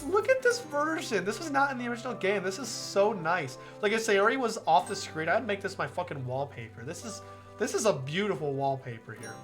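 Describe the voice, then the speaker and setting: A man's voice: sits high, animated, brisk, fairly bright tone, faint music behind. A young man streaming a visual novel, chatting casually, laughing often and swearing freely. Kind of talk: casual live-stream commentary.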